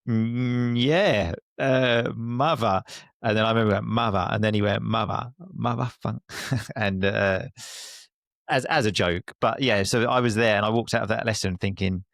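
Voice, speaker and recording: Essex guy, gravelly lowish voice, chatty and self-deprecating, laughs a lot, dry close mic. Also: fairly bright tone, dry recording. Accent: Essex English, softened. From Essex, England. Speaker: guest, English teacher and podcaster. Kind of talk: casual conversation.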